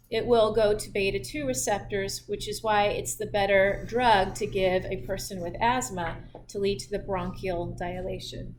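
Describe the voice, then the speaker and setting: A woman's voice: medium pitch, a little hiss or hum. A woman instructor giving a recorded physiology lecture in a chatty way, with jokey asides and laughter at her own slips.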